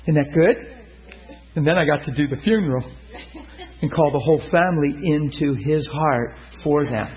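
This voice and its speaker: A man preaching a sermon, telling a story and acting out the people in it with sudden loud high bursts. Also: normal speed. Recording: muffled lo-fi sound.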